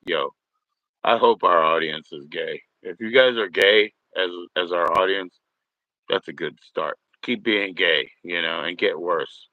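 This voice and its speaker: A man's voice: deep voice, unhurried, dry recording, narrow, tinny audio. A man hosting a casual livestream from home, rambling, swearing and mocking trolls in chat. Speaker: livestream host.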